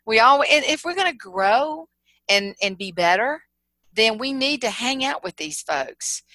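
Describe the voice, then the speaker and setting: A middle-aged woman with a Southern accent from South Carolina, a humorist guest telling lively stories in a casual interview and laughing often. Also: a little high, measured pace, no room sound, poor audio. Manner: storytelling, animated, laughs often.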